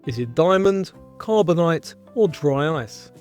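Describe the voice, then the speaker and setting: Male quiz host, animated delivery, measured question reading. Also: a little high, faint music behind. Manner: reads questions and answer choices in a clear, measured way. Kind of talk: scripted quiz show presenting.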